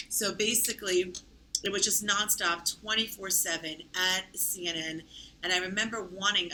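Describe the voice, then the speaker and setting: A woman's voice: lowish voice, sharp tone, slight background noise, low-quality recording. A woman telling her own story in conversation, chatty, with many fillers and self-corrections. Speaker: interview guest.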